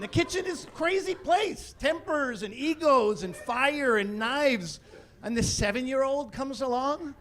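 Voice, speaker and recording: A man in his forties performing a stand-up comedy routine on stage, telling stories with animated delivery that climbs into mock-indignant rants. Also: very high-pitched. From Canada. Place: comedy stage before a live audience.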